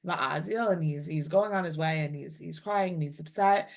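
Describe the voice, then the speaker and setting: A woman's voice: low voice, normal speed, vocal fry. A woman teaching a classic text, reading lines aloud and then explaining them in loose, chatty English full of "like". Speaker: Torah teacher. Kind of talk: casual text-study lesson.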